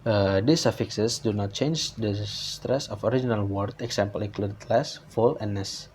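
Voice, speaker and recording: Guy reading his class slides, lowish voice, lots of uh and restarts, bit of background hiss. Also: a little mellow. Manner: halting, frequent uh fillers and restarts. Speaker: student presenter.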